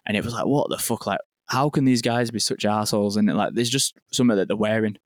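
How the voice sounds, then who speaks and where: Fast-talking man, flat and low. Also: dry recording, studio quality. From England. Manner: rambling, sweary, lots of "like". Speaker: podcast guest, venue owner. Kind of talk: casual storytelling chat.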